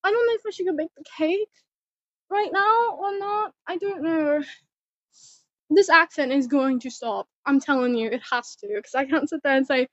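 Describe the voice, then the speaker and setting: A teenage girl vlogging outdoors at home, chatting in a rambling, giggly, excitable way into a handheld phone. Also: sits high, normal speed, no echo. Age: teens. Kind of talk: casual chatty vlog. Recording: dull, muffled phone audio.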